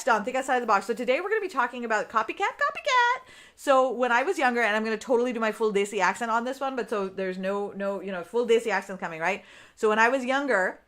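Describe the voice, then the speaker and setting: A woman's voice: mid-range voice, a bit bright. A woman coach speaks to her live audience in a loose, chatty podcast style. She moves from point to point and keeps checking in with her listeners. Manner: chatty, keeps asking "right?"; talks straight to her viewers. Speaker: business coach. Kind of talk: live-streamed podcast chat.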